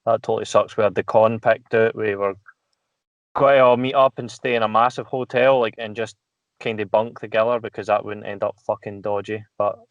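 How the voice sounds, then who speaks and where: A man's voice: on the low side, fairly even intonation, brisk, no room sound, dull audio. A Scottish man chatting casually as a podcast guest, swearing freely and laughing as he tells stories. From Scotland. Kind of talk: casual chat.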